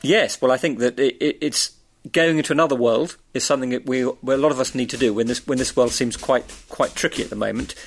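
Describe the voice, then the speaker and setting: A man's voice: medium pitch, steady tone, fast talker. A man who runs a bookshop, co-presenting a radio show and chatting casually, hesitant with many restarts. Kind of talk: casual chat.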